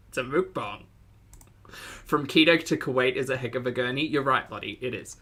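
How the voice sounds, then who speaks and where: A woman's voice: very deep voice, fairly quick, a bit bright, breathy edge. A woman with a Southern US accent live-streaming a reaction, chatting with her viewers and laughing often. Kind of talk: casual live-stream commentary.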